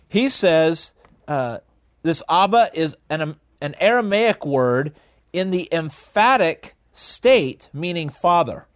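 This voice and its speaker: A man teaching a Bible study in a conversational way, often asking the listeners questions and pausing on "uh". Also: fairly high pitch. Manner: conversational, asks the audience questions, frequent uh fillers.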